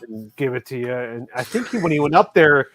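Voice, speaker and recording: A man's voice: medium pitch, expressive, a little fast, fairly bright tone, dry recording. A man hosting a casual chat, telling a story and acting out the quotes. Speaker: host. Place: Chicago.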